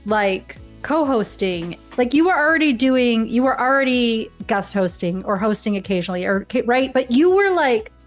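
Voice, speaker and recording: A woman with a high voice co-hosts a podcast. She chats in an excitable, gushing way. Faint music sits in the background. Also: normal speed, few pauses. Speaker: podcast co-host. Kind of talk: casual podcast chat.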